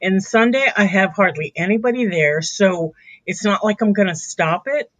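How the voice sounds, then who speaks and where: A woman's voice: medium pitch, normal speed, dry recording. A woman hosting a casual livestream chat, talking in an easygoing, musing way with fillers. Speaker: channel host.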